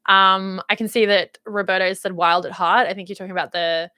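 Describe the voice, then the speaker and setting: Bright-voiced young Australian woman, chatty. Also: medium pitch, fairly even intonation, a little fast, dry recording, clean studio sound. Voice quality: Valley Girl inflection. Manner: upbeat, rambling, uses many fillers like "like" and "um". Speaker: YouTube host reading live chat. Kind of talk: casual livestream chat.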